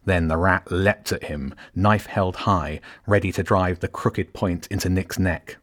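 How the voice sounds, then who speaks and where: A man narrating a storybook in a steady, measured reading voice. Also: deep voice.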